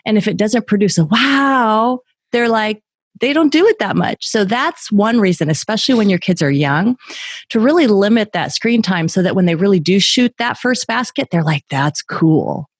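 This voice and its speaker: Lively middle-aged woman telling stories. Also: mid-range voice, moderate pace, no echo, clean studio sound. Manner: lively storyteller who acts out quoted voices. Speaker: guest author and parenting speaker. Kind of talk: podcast interview.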